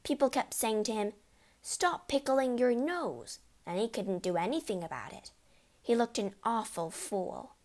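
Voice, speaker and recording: A woman's voice: a little high, expressive, unhurried, darkish tone, voice pushed up. A woman voicing a cheeky, clever little girl who speaks with sly innocence in a storybook reading. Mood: innocent.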